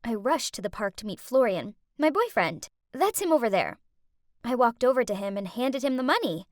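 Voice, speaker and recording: A young woman narrating an animated story in the first person, in an expressive, dramatic, teenage-sounding way. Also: on the high side, normal speed, dry recording, studio quality.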